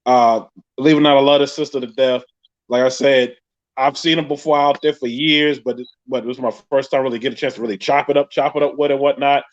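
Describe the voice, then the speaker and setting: Over muffled, lo-fi live-stream audio, a New York–accented man with a mid-range voice hosts a casual live podcast. He talks fast, telling stories in an animated, joking manner and laughing often.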